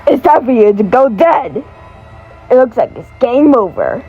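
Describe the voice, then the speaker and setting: A woman's voice: fairly high pitch, very animated, unhurried, breathy edge, dull audio, soft background music, exaggerated voice. A woman voicing a gloating, sinister male killer in a homemade horror story.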